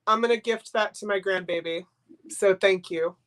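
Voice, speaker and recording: A woman's voice: medium pitch, moderate pace. An older woman hosting a live stream in casual chat, rambling and emotional, sniffly from crying. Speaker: livestream host.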